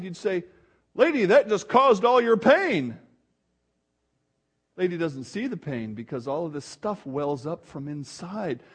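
High-voiced male preacher. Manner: earnest, emphatic preaching with restarts. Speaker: pastor. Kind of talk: sermon.

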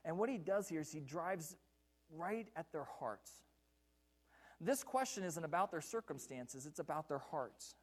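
A man's voice: a little high, animated, measured pace. A man preaching a sermon from a church pulpit, repeating key lines and putting questions to the congregation. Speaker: pastor.

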